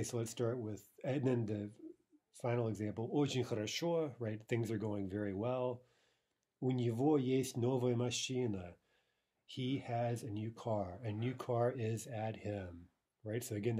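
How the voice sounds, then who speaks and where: Man, teacher, low voice, mellow, husky, relaxed lesson delivery, filler-heavy. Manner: relaxed, many uh fillers and "right?" checks. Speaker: Russian language teacher. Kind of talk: recorded lesson explaining grammar.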